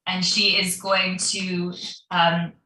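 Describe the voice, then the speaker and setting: A woman's voice: lowish voice, level tone, takes it slowly, bright, forceful tone, reverberant, distant mic, a little hiss or hum, poor audio. A woman running a tabletop game as dungeon master, narrating the action loosely with plenty of fillers.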